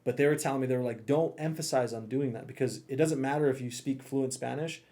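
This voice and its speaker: Male podcast co-host, rapid casual delivery, laughs easily, loose and profane. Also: mid-range voice, dark tone. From United States. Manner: laughs often, swears casually. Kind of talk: casual chat.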